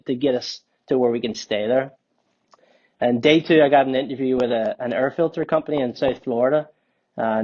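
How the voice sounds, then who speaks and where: A man in his forties from Northern Ireland with a Northern Irish accent, a company co-founder telling his story as a podcast guest in a relaxed, rambling way. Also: medium pitch, dull audio. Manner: relaxed, rambling, many ums and restarts. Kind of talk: casual storytelling interview.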